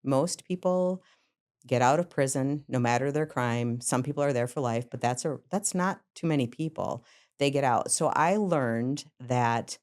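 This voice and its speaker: A middle-aged woman with a very low, deep voice speaks as a psychotherapist guest on a podcast. She tells stories from her working life in a lively way, acting out the scenes and laughing along the way. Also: normal speed. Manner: lively storyteller, acts out scenes, laughs often. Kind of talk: podcast interview storytelling.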